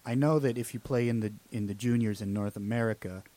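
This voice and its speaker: A man co-hosting a casual sports podcast, making wry, deadpan jokes. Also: medium pitch, quick pace. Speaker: podcast co-host. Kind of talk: casual chat.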